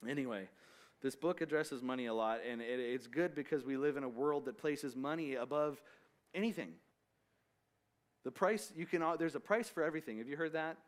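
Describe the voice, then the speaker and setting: Man teaching a casual Bible study. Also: a little high. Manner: casual, rambling with restarts and asides.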